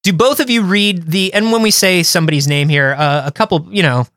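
A man with a fairly high speaking voice chats casually as a podcast co-host. He talks in loose, rambling stretches and piles up fillers as he thinks aloud. The sound is close and dead dry, with no room in it. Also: a little fast, fairly bright tone, no room sound. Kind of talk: casual comedic chat.

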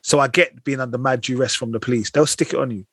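A young podcast co-host with a slightly husky, medium-pitched, somewhat bright voice rattles off a long anecdote quickly, with fairly even intonation. Full of slang and quoted exchanges, the casual chat between friends is recorded close and dry, with no echo.

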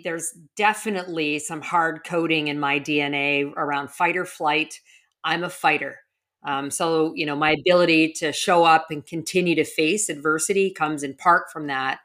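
Woman, middle-aged, low voice, podcast guest, earnest, reflective, restarts sentences. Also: a bit bright. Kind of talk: interview conversation.

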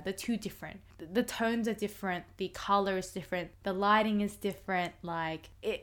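A young Australian woman co-hosting a casual film-review chat, talking in a chatty, opinionated way full of "like". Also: on the low side. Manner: chatty, opinionated, heavy use of filler "like". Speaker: podcast co-host.

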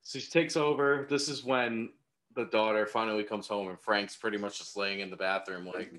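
Man, low voice, podcast co-host, casual movie chat, laughs often. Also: steady tone, moderate pace, fairly bright tone. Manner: laughs often, adds short recap comments.

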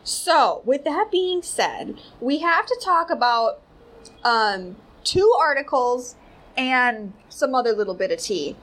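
A woman's voice: sits high, animated, takes it slowly, a bit bright, poor audio. A woman hosting a casual commentary show, rambling and sarcastic, full of "like" fillers. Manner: rambling, sarcastic, heavy use of "like".

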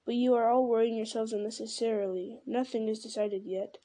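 Casting: a stern, wise old wizard, read by a woman for a storybook, mellow mid-high voice, measured and commanding. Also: steady tone, close to an everyday voice.

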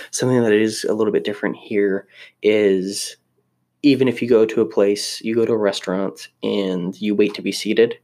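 A young man talks casually in a vlog, rambling and poking fun at himself. His voice sits a little low, and he often stops and restarts his sentences. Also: darkish tone. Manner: rambling, self-deprecating, many restarts. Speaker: vlogger living in Japan. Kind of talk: casual chat to camera.

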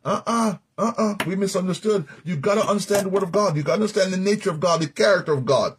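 A man preaching a sermon, teaching scripture in a folksy, animated way, breaking into laughs and sung-out phrases. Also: high voice, quick pace, a little hiss or hum.

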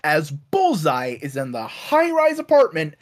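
A man casually recapping comic storylines, acting out characters in quick bits and swearing freely. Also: on the high side, wildly swooping pitch. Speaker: podcast co-host recapping comics. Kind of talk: casual chat.

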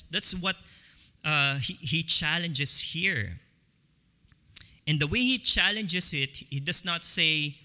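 A man preaching a sermon as pastor, slow and emphatic, repeating key phrases for stress. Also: fairly high pitch, pushed and bright, big-room sound.

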